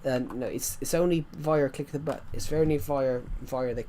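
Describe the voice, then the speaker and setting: Gaming live, a West Country man from England chats casually to viewers, rambling and restarting. His voice is medium in pitch and dark in tone, fairly even, brisk, with a little hiss or hum.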